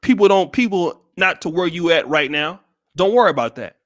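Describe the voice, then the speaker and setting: American guy live streaming, cusses a lot, keeps restarting his sentences, slightly higher voice. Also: expressive, fairly quick, fairly bright tone, dry recording, clean studio sound. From United States. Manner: blunt and profane, with many restarts. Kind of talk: casual livestream commentary.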